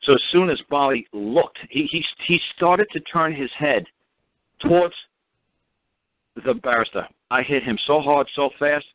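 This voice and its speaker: A man's voice: a little high, a little slow, no echo. A man talking as a guest on a call-in show, telling a story in a blunt, emphatic and heavily profane way. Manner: emphatic, commanding. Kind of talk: casual call-in radio talk. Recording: dry tinny phone line.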